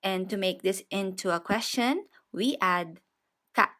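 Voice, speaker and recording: A woman teaches a beginners' language lesson at an unhurried, deliberate pace. Her voice sits at a middle pitch, and she repeats each example patiently. She explains every step clearly before moving on. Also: fairly bright tone. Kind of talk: slow, step-by-step grammar lesson.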